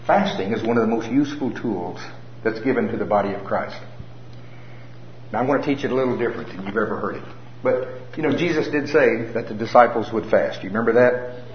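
A middle-aged man preaching a sermon with folksy humor and animated storytelling. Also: lowish voice, brisk, pauses often, slight background noise. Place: church hall with a live audience. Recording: roomy, slightly dull sound.

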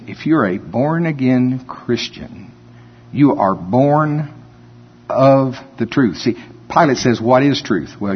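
A man preaching a sermon in a folksy way, reading scripture slowly and building to emphatic points. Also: mid-range voice, breathy edge. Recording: dull lo-fi recording with long reverb.

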